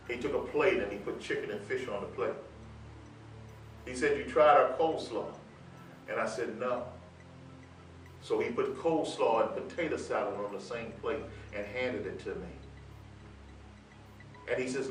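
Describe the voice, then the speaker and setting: A man telling a personal story in a sermon, quoting scripture and building to loud proclamations. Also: mid-range voice. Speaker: preacher. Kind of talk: sermon testimony. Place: church sanctuary. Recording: roomy sound from far off with music.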